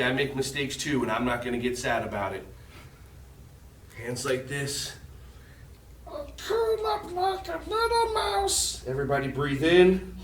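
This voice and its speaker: A man leading a children's yoga lesson in a gentle, encouraging, playful way. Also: mid-range voice, slight background noise. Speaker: kids yoga instructor. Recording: echoey room, mic at a distance.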